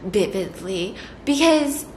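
A woman's voice: mid-range voice, animated, slow, darkish tone, slight background noise. A young woman hosting a casual chat, telling a childhood story with lots of laughter. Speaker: host. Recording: echoey room.

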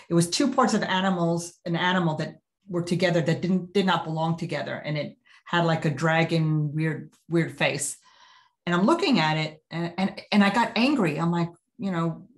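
A woman telling a personal story in a casual, chatty way, with many fillers and restarts, on a video call. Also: lowish voice. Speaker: guest telling a past-life story.

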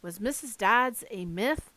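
A woman doing a skittish half-goat boy from a fantasy audiobook, his voice climbing high when he frets. The sound is dry and close, with no room around it. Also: lively intonation, measured pace, pushed and bright, dry recording. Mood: indignant. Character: jittery young satyr boy, half goat, touchy. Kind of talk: audiobook character voice.

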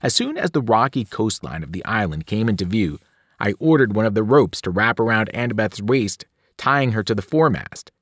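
A man, a teacher, reading a novel aloud in an expressive, dramatic way, sometimes dropping to a whisper. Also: lowish voice, moderate pace, no room sound, clean studio sound. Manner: dramatic, with whispered and shouted voices. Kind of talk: expressive read-aloud narration.

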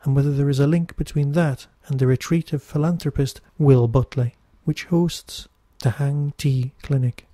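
A man's voice: mid-range voice, dark tone, slightly rough, no echo, studio quality. A Newcastle man with a Geordie accent hosting a podcast, reviewing in a chatty, wry, digressive monologue. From Newcastle, England. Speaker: podcast host.

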